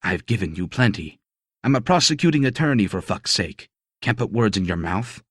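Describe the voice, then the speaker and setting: A man's voice: fairly low pitch, sing-song, normal speed, no echo, clean studio sound. A man voicing a crude, menacing male prosecutor in an audiobook, speaking in a mocking, threatening way. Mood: taunting. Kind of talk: audiobook character voice.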